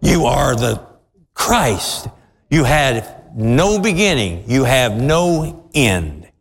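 A male preacher delivers a sermon in slow, deliberate phrases, his pitch swinging widely as he presses each point. His voice sits a little high and carries a long reverb from the church hall around him. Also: sing-song, vocal fry. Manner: slow, emphatic preaching that climbs to shouting.

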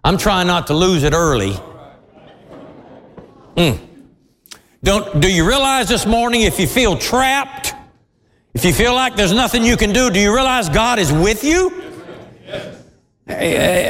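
Animated preaching man in a reverberant hall. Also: high-pitched, a little slow, long pauses. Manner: dramatic, animated storytelling. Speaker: pastor. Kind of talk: sermon. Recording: long reverb of a large hall.

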